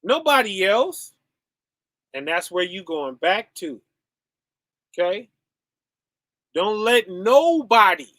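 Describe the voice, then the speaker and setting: A man's voice: high voice, bright, forceful tone, no room sound, clean studio sound. A man hosting a show, giving preachy commentary full of rhetorical questions and "okay?" tags. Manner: emphatic, peppers lines with "okay?" and "right?". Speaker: podcast host.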